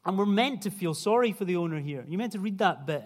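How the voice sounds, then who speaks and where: Man, young adult, sermon, conversational, asks the congregation questions, high voice, long hall reverb. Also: expressive, quick pace. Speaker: preacher.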